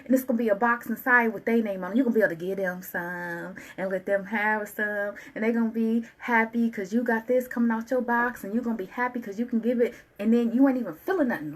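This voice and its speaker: Husky-voiced woman giving a lively tarot reading. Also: on the high side, a little fast, few pauses, rough recording. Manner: animated, repetitive, colloquial preaching cadence. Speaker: tarot reader.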